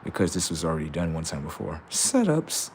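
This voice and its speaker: A man's voice: rumbling low, level tone, fast, slight background noise. A man ranting on a livestream, profane and mocking, laughing often. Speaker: streamer. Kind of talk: casual livestream rant.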